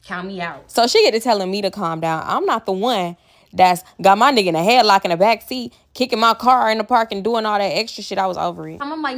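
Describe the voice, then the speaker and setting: A young woman spills a personal story straight to camera, blunt and animated. Her voice sits high and sharp-edged, bright and forward, and she swears freely as she talks. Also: a little fast. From Houston, Texas. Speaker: storytime vlogger. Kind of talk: casual storytelling.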